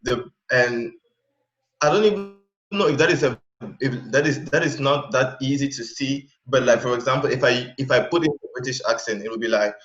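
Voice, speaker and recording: A man's voice: medium pitch, fairly bright tone. Guy chatting in an interview, stops and restarts a lot looking for examples, roomy dull recording. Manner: halting, searches for examples mid-sentence. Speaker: interview guest, language learner. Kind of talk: casual interview chat. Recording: echoey, dull sound.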